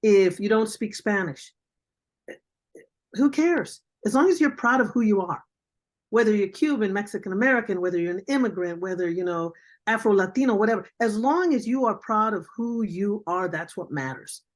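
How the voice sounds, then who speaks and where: An older woman with years in journalism offers blunt, emphatic career advice as a guest on a video-call mentoring interview. Her medium-pitched voice is animated and moves at a moderate pace.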